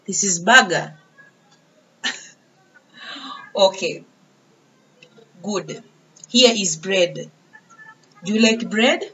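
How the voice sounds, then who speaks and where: A woman's voice: medium pitch, drawn-out words, pauses often, bright, forceful tone, breathy edge, lo-fi sound. A woman teaching a lesson to young children, speaking patiently and repeating words for them to echo back. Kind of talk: early-years classroom lesson.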